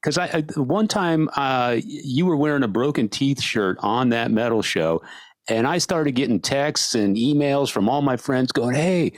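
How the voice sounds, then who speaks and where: A man's voice: mid-range voice, no echo. A man hosting a podcast, asking questions in a casual, enthusiastic way. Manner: enthusiastic, quick to laugh along. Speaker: podcast host.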